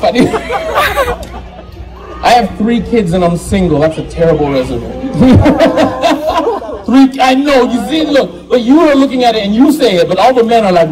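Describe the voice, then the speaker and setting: Stand-up host, man in his thirties, very high and lively voice, live crowd audible. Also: normal speed, low-quality recording. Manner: loud, playful, laughs through lines. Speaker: comedy show host. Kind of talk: stand-up comedy. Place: live comedy show. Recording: live show with audible audience.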